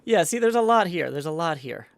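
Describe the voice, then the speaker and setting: A man livestreaming in casual chat, reading viewer messages aloud and rambling with many pauses and restarts. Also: a little high, expressive, vocal fry, dry recording. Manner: hesitant and rambling, many ums and restarts, tries out playful howls.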